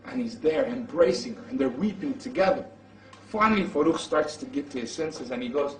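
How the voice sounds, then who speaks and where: A man preaching in the style of a storytelling sermon, animated as he acts out the dialogue. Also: mid-range voice, brisk, far from the mic. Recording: roomy echo from off-mic.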